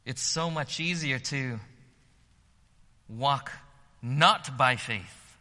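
Bright, emphatic male preacher in a hall. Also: medium pitch, extremely slow. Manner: swings from hushed to loud, emphatic repetition. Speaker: pastor. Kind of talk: sermon. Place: church sanctuary.

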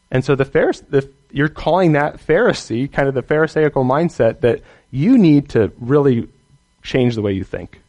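A man's voice: medium pitch, expressive, moderate pace, darkish tone. A man teaching others how to preach and teach the Bible, earnest and emphatic, often checking in with the listener.

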